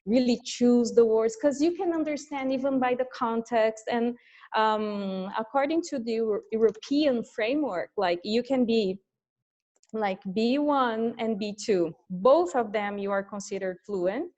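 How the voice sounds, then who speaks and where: A woman's voice: a little high, darkish tone. A woman English teacher hosting an online class, explaining in casual chat. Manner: explains slowly, with frequent laughs. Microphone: video call. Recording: dull lo-fi video call audio.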